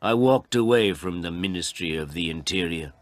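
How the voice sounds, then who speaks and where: A man reading a graded story aloud for English learners, slowly and carefully. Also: low voice, no echo. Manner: slow, careful and expressive. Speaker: story reader.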